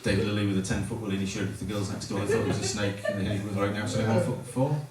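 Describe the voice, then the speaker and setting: Recorded at a distance in a roomy, noisy hall, this North Lincolnshire man does an open-mic stand-up set at a small hotel-bar comedy night, talking fast in a low, steady voice. His delivery is rambling, self-deprecating and hesitant, packed with fillers, with audience laughter behind him.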